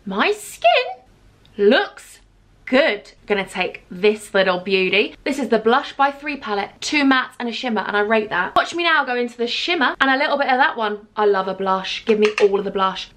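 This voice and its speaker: A woman's voice: fairly high pitch, expressive, normal speed, fairly bright tone. A young woman chatting casually and self-deprecatingly while doing her makeup for a beauty vlog. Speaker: beauty vlogger. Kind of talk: casual get-ready-with-me chat.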